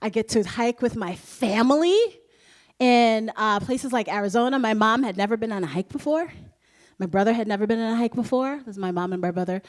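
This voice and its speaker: Woman, thirties, guest speaker, upbeat and laughing, higher voice, many fillers. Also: a little fast. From United States. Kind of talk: presentation to an audience. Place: school presentation room.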